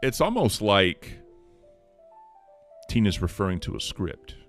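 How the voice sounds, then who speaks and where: A man's voice: fairly low pitch, very animated, slow pace, faint music behind. A man hosting an online talk show, chatting casually and earnestly, rambling with fillers and thanking viewers. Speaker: show host.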